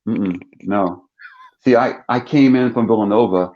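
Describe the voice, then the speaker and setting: An older man from South Jersey, a former pro football player, telling stories as a talk-show guest and acting out the voices of the people in them. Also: a little slow. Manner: animated storyteller, acts out quoted voices with big pitch jumps. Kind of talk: storytelling in a talk-show interview. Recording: dull lo-fi sound.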